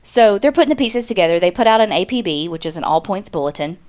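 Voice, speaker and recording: A woman's voice: medium pitch, animated, fast, darkish tone. Chatty woman telling a crime story. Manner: chatty, retells events with quoted dialogue and asides. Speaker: podcast co-host. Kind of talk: casual true-crime storytelling.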